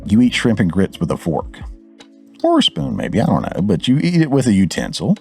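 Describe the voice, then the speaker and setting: A man from Georgia, hosting a show and ranting in an animated way straight to his viewers. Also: lowish voice, a little fast, vocal fry, husky, soft background music. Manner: animated, fired-up, talks to viewers directly. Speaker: show host. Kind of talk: ranting commentary.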